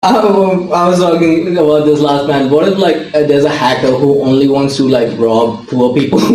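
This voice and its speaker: A young man co-hosting a casual podcast chat, animated and swearing, laughing often. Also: a little high, moderate pace, slight background noise. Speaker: podcast co-host. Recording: echoey room, faint ambience.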